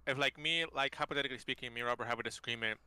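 A man's voice: mid-range voice, fairly even intonation, racing, pushed and bright, clean tone, no room sound. A young man co-hosting a casual podcast chat, joking bluntly and swearing freely.

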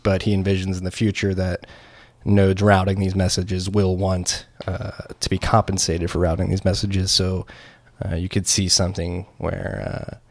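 A man's voice: low-pitched, completely flat delivery, moderate pace, creaky, a little mellow. A man co-hosting a podcast in casual, joking chat, rambling with frequent ums. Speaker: podcast co-host.

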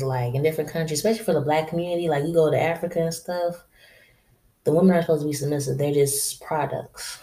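A woman hosts a casual solo podcast, offering blunt, straight-talking advice to women. Her voice sits low with a dark tone, and she drawls, uses slang, and laughs to herself.

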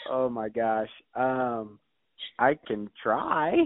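A man's voice: mid-range voice, extremely slow, no echo. A nineteen-year-old man chatting casually on a phone call. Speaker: guest on a call. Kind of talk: casual chat. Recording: tinny phone line.

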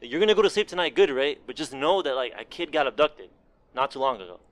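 Fast-talking profane man. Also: mid-range voice, animated. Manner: rambling, profane, laughs often. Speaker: podcast co-host. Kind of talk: casual podcast chat.

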